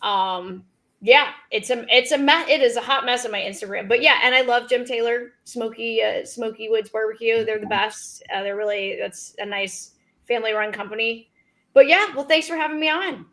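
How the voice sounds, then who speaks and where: A woman's voice: a little high, moderate pace, a bit bright. A woman guest on a podcast, chatting casually in a bubbly, self-deprecating way. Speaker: podcast guest, food blogger. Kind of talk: casual chat.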